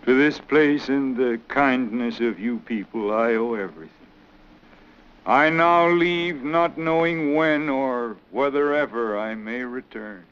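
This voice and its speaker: A man as a solemn president bidding farewell, slow measured delivery, smooth resonant voice, dull old film sound. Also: medium pitch, fairly bright tone, lightly acted. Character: grave male president bidding hometown farewell. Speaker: actor in a film.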